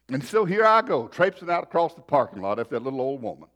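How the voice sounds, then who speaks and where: A man preaching a sermon, telling a folksy personal story and shifting between loud and soft. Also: fairly high pitch, big pitch swings, fast talker, hardly any pauses. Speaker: pastor.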